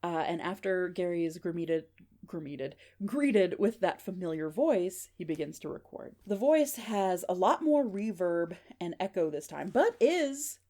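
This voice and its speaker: A woman's voice: fairly low pitch, animated, measured pace, dark tone. A woman podcast host casually retelling a paranormal story in a chatty way, with fillers.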